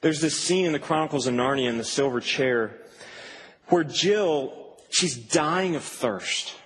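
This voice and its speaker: A man preaching a sermon in a church, conversational and animated, with asides to the congregation. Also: on the high side, a little slow. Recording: reverberant hall, faint background hum.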